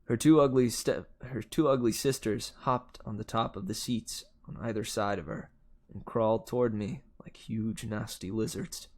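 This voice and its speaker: A man reading a novel aloud, with steady first-person narration. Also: lowish voice, moderate pace. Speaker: audiobook reader.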